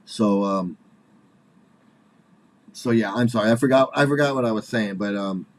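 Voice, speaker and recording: Angry and agitated, a forties-aged man rambles through casual commentary, stumbling, repeating himself, and letting out nervous laughs. He speaks on the low side.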